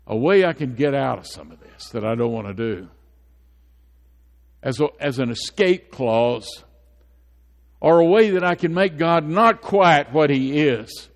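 A man's voice: on the high side, long reverb tail. A male pastor preaching a sermon to his church, asking the congregation questions and building to emphatic, rising peaks.

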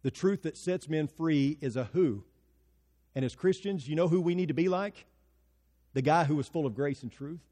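Man, pastor, sermon, higher-pitched, warm tone, rhetorical questions, long church reverb. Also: moderate pace. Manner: emphatic preaching with rhetorical questions and dramatic drops to quiet.

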